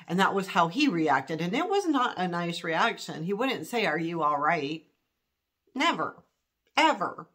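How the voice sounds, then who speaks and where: A woman's voice: sits low, a bit bright. A woman telling a personal story to camera in a candid, chatty way, with frequent fillers and restarts and an easy laugh. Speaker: vlogger.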